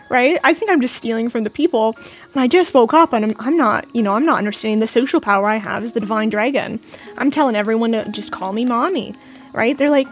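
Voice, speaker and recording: A woman's voice: on the high side, fast, soft background music. A young woman streaming a game at home, chatting playfully with her viewers as she plays. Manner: chatty, playful, talks to chat. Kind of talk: casual gameplay commentary. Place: indoors at home, cold room.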